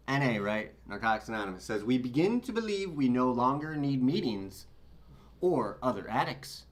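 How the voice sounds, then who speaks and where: A man's voice: mid-range voice, sing-song, moderate pace. A man hosting his own show, giving a solo talk on recovery and sobriety, preachy and emphatic, swearing and calling his listeners "my friends". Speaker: host.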